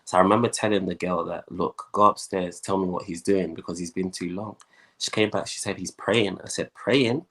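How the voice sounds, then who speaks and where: A young man, a guest, telling his life story in a lively way and acting out the voices of the people in it. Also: deep voice, brisk. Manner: animated storyteller, acts out quoted voices.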